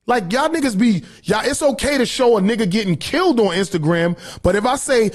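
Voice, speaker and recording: New guy with a high voice, podcast host ranting, cussing a lot, rambles all over. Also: animated, a little fast, hardly any pauses. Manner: profane, heated, rambling. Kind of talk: casual livestream rant.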